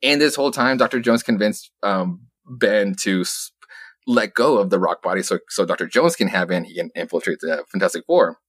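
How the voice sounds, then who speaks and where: A young man with a very deep voice recaps a comic book casually on a podcast. He rambles, swears freely and laughs between beats. The sound is close and dry, with no room to it. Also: expressive, moderate pace, fairly bright tone, no room sound. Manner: rambling, profane, laughs often, quotes characters in passing. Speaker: podcast co-host.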